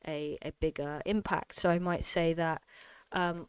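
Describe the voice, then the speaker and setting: A woman's voice: low voice, flat delivery, brisk, few pauses, clean tone, no room sound. A woman teaching an exam-prep lesson, emphatic and explanatory, often checking in with "okay?". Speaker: English tutor.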